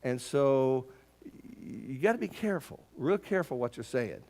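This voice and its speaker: A man's voice: mid-range voice, expressive, normal speed, vocal fry, a little mellow. A man teaching a Bible class at church, earnest and emphatic, often stumbling into repeated words as he restarts his sentences.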